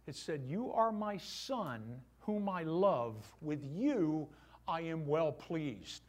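Animated preaching man, lively pitch. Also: slow. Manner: animated preaching with voiced asides. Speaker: pastor. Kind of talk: sermon. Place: church.

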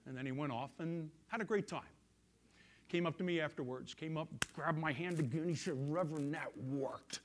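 A male pastor preaching a sermon, telling a story and swinging from loud emphasis to hushed quiet. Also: a little high, moderate pace, a crowd in the background.

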